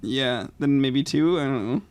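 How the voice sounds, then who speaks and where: A man's voice: medium pitch, moderate pace, a little mellow, smooth. A man co-hosting a casual podcast, chatting and reading text aloud, often stumbling and repeating words. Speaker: podcast co-host and reader.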